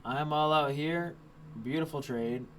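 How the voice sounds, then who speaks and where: A man's voice: fairly high pitch, a little slow, a bit bright, slight background noise. A young man streaming live as he trades, talking casually, thinking aloud and swearing now and then. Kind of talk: live stream trading commentary.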